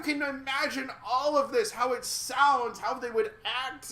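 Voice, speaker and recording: Sarcastic, ranting man with a bright voice. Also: extremely high pitch, steady tone, unhurried, hardly any pauses, echoey room. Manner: sarcastic, exasperated, swears freely. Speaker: podcast co-host reviewer. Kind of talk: casual ranting review chat.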